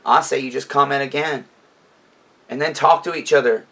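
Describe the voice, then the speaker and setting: Gravelly man ranting in a raw, emotional vlog. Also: medium pitch, steady tone, normal speed, sharp tone. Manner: raw, rambling, addresses viewers as neighbors. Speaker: YouTuber reacting to a song. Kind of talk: emotional song reaction commentary.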